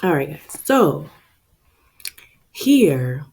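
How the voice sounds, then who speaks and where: A woman hosting a casual budgeting vlog, talking straight to her viewers in an expressive, chatty way. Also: deep voice, drawn-out words, breathy edge. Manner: expressive, talks straight to viewers with lots of "y'all". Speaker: budgeting vlogger and channel host.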